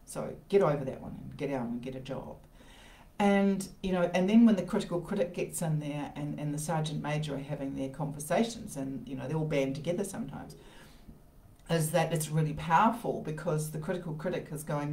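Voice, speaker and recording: A woman's voice: sits low, brisk, a little mellow, a little hiss or hum. A woman hosting an informal motivational talk from her conservatory, rambling with restarts and asides. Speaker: host of a live self-help talk. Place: home conservatory. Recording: roomy echo of a conservatory.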